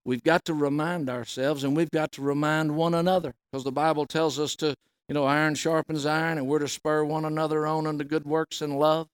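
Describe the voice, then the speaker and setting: A middle-aged man, preaching a folksy sermon and reading scripture, rising loud on quoted words. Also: on the high side, flat delivery, brisk, clear, resonant tone, no echo, clean studio sound.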